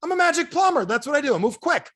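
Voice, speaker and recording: A man voicing a cheery, confident male plumber who answers in a brisk, upbeat way. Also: very high-pitched, sing-song, fairly bright tone, pitched above the performer's own voice, full character voice.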